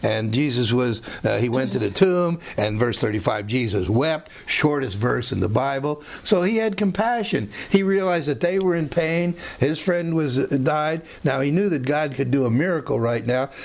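A man's voice: medium pitch, lively intonation, normal speed, creaky, few pauses, a little mellow. A man giving an informal Bible teaching in a conversational, rambling way, with frequent restarts and asides.

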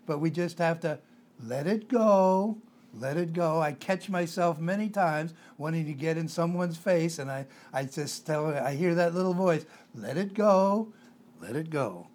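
High-voiced man preaching emphatically. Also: moderate pace, darkish tone. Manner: emphatic, repeats key phrases. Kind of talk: conversational sermon.

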